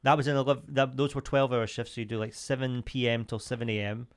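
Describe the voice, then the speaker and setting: A man's voice: mid-range voice, steady tone, fast talker, clear, resonant tone. A man in his thirties, co-hosting a podcast in casual chat, rambling through old stories and laughing often. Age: 30s. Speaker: podcast co-host.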